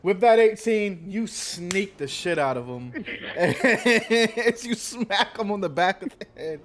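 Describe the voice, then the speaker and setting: Male game master, casual, upbeat, quick to laugh. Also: sits high. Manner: laughs often, casual and animated. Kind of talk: narrating a tabletop game.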